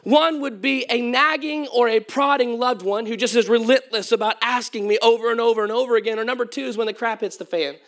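A man's voice: very high-pitched, brisk, few pauses. A man preaching a sermon as pastor, telling humorous stories to his congregation. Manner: humorous, animated storytelling to a congregation. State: voice cracking at times.

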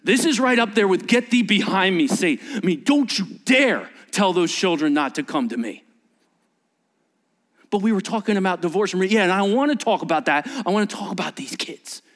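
A male pastor preaching a sermon, acting out dialogue and swinging between loud bursts and hushed near-whispers. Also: sits high, lively intonation, a little fast.

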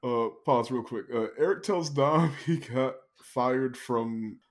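A man's voice: medium pitch, slow. A man hosting a podcast, casually retelling a film's scenes and laughing often. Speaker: podcast host. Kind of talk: casual film recap chat.

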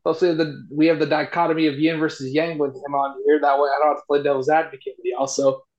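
Higher-voiced man, loud and teasing. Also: level tone, quick pace, dull audio. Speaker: podcast co-host. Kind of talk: casual sports podcast chat.

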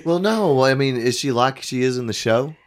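A man's voice: mid-range voice, animated, moderate pace. A man co-hosting a podcast, crude and joking in casual banter. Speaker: podcast co-host.

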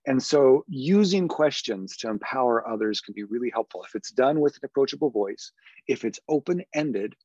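A man's voice: medium pitch, lively intonation, moderate pace, darkish tone, husky, no room sound, highs cut off. A man, a podcast guest and education consultant, explaining earnestly in a conversational interview. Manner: earnest, explanatory, demonstrates tones of voice.

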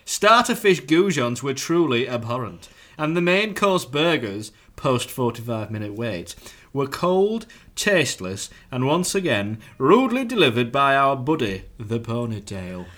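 A man's voice: mid-range voice, very animated, measured pace, hardly any pauses, fairly bright tone. A man co-hosting a podcast in casual chat, reading reviews aloud in a dry, mock-pompous way. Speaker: podcast co-host.

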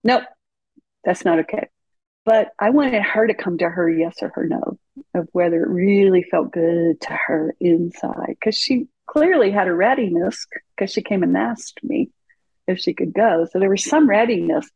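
A woman with a husky, slightly breathy voice tells parenting stories as a podcast guest, playing out the voices of the people in them. The sound is dry and close, with a somewhat dull, muffled quality. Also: lowish voice, normal speed, no echo. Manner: animated, acts out dialogue in her stories. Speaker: parent coach and psychotherapist guest. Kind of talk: conversational podcast storytelling.

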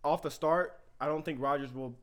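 A man's voice: on the high side, fairly even intonation, normal speed. Man rattling off football stats. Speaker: podcast co-host. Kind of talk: casual sports talk.

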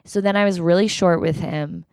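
Woman ranting on her podcast, gravelly fry, fed up and cussing, super dry mic. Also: lowish voice, steady tone, moderate pace, darkish tone, no room sound. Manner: emotional, exasperated, swearing, vivid retelling. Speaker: podcast host. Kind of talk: solo podcast rant.

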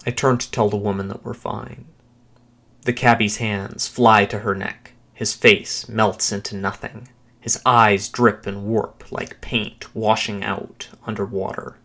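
A man with a fairly low voice reads a first-person thriller aloud, steady and measured. His delivery is deliberate and dramatic without rushing, keeping the tension in the telling. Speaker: narrator. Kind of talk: scripted narration of a first-person thriller story.

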